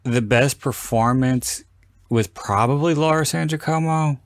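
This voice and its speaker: A man hosting a podcast, chatting casually about a film and acting out scenes with lively, sweary retellings. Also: mid-range voice, measured pace, dry recording, clean studio sound. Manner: animated storyteller, acts out quoted lines with swearing. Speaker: podcast host. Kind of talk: casual film commentary chat.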